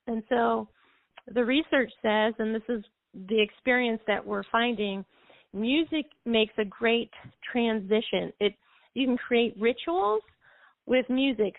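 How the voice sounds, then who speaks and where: Over a tinny, dry phone connection with no room sound, an American music therapist guest gives a radio host lengthy explanations, now and then singing bits of songs as examples. She has a gravelly edge, a slightly high voice, and the manner of an experienced trainer.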